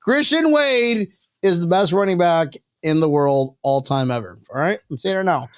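A man co-hosting a podcast, joking around with excitable bursts. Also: fairly high pitch, moderate pace, smooth, no room sound, clean studio sound. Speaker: podcast co-host. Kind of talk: casual podcast chat.

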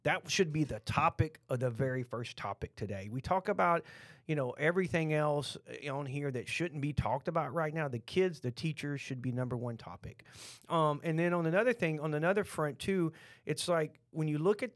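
A middle-aged Texan man speaks bluntly, tumbling through restarts as he airs his opinions on a podcast. His voice sits fairly high for a man, and the sound is dry and close. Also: normal speed, no room sound. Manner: blunt, rambling, with many restarts. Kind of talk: casual opinionated chat.

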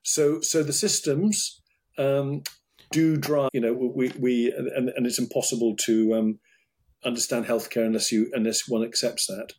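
Brief: middle-aged British doctor, husky and measured, restarts often. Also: male voice, mid-range voice, flat delivery, darkish tone. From United Kingdom. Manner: thoughtful, with many restarts and repeated words. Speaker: urologist guest. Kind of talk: interview conversation.

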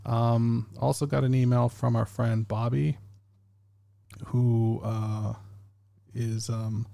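Gravelly, chatty man hosting a podcast. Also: mid-range voice, level tone, slow, dark tone. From Canada. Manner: rambling, chatty, self-deprecating, many fillers. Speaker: podcast host. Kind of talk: casual solo podcast talk.

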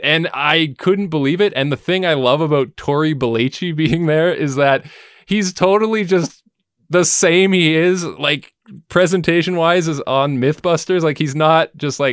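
A man co-hosting a podcast in casual chat, telling stories in an animated, profane way. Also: fairly high pitch, moderate pace, clear, resonant tone, no room sound, clean studio sound. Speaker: podcast co-host.

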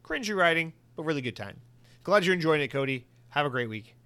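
A young man hosting a podcast, reading listener comments in a rambling, profane, animated way on a close mic. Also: on the high side, a little fast, smooth. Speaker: podcast host.

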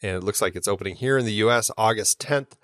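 A man's voice: lowish voice, quick pace, fairly bright tone, dry recording, studio quality. A man co-hosting a podcast, chatting casually and enthusiastically with plenty of fillers and restarts. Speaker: podcast co-host. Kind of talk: casual chat.

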